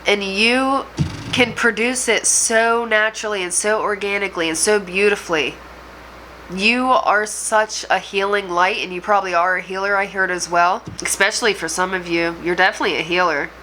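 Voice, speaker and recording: Woman tarot reader, bright tone, earnest and reassuring, faint hiss behind. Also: medium pitch, steady tone, moderate pace, low-quality recording. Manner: earnest, reassuring, addresses viewer directly. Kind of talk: channeled tarot reading.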